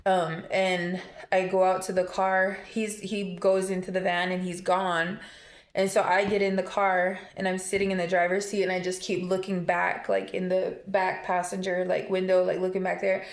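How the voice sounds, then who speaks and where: A woman's voice: fairly low pitch, level tone, moderate pace. Emotional rambling woman in an echoey room. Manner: emotional, rambling storytelling with many fillers and restarts. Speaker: vlogger. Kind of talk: casual storytime vlog.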